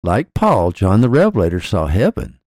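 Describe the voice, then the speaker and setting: A man with a low, mellow voice narrates a scripted scripture lesson. His pitch rises and falls widely as he sets out each point in measured, declarative sentences. The sound is close and dry. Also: huge pitch swings, dry recording. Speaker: podcast narrator. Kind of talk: scripted religious teaching.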